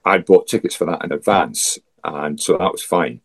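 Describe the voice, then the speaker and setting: A man's voice: sits low, moderate pace, breathy edge. A Scottish man from Scotland, a guest telling a travel story in a chatty way, with wry asides and frequent laughs. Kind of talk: casual storytelling.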